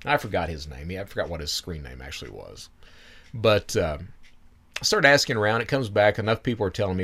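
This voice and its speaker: A man hosting a podcast, telling his own story in an animated, profane, chuckling way. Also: low voice, a little fast. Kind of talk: casual storytelling.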